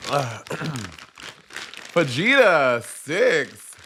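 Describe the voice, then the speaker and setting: A man's voice: fairly high pitch, drawn-out words, breathy edge. A man with a Caribbean accent chatting sassily to viewers on a casual live stream. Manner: sassy, animated, chatty with viewers.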